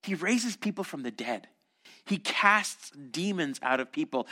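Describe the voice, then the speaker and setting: With a bright, high voice that swoops widely in pitch, a male preacher tells animated stories in his sermon. He briefly acts out the voices of the people in them, such as crowds and disciples.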